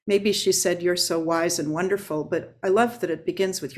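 A woman Zen teacher giving a dharma talk, unhurried and reflective, pausing often on filler sounds. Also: medium pitch, steady tone.

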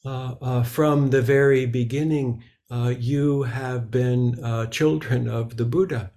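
A man giving a Zen dharma talk, slow and halting, with many filler sounds between phrases. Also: medium pitch, steady tone, warm tone. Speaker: Zen teacher.

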